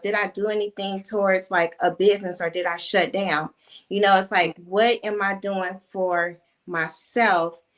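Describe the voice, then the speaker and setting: A woman's voice: medium pitch, a bit bright. An earnest woman recounting her own experience during a casual group talk. She speaks reflectively and conversationally, asking herself questions aloud. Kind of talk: personal testimony in a casual discussion.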